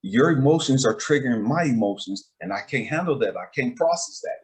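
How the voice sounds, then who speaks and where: A man's voice: medium pitch, lively intonation, fairly quick. A man hosting a casual talk as a life coach, speaking emphatically in a streetwise way and often asking if he's understood. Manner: emphatic, streetwise, repeats "you know what I mean".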